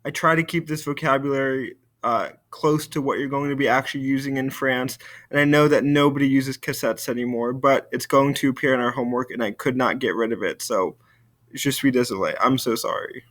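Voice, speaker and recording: A man, a French teacher giving a recorded video lesson, slowly modeling words for students to repeat. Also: medium pitch, steady tone, fairly bright tone. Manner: slow, careful model pronunciation for students to repeat.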